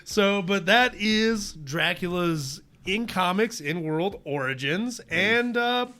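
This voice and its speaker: A man co-hosting a casual podcast, animated and laughing often as he reads his notes aloud. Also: sits high, takes it slowly. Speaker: podcast co-host. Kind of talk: casual chat.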